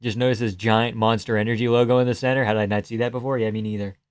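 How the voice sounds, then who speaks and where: A young man hosting a livestream, reacting to a fight with casual, profane commentary, yelling advice at the fighters and laughing often. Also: medium pitch, very fast, clear, resonant tone. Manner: excitable, profane, yells at fighters, frequent laughs. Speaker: livestream host.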